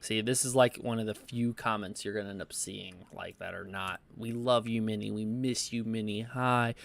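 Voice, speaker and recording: A man giving reaction commentary and reading viewer comments, halting often with fillers and stuttered restarts. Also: fairly low pitch, fairly even intonation, vocal fry. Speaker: commentary YouTuber.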